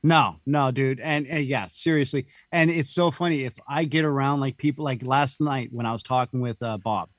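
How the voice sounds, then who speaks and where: A man's voice: medium pitch, normal speed, hardly any pauses, no room sound. A man talking as a podcast guest in a casual, rambling chat, laughing often and saying "dude".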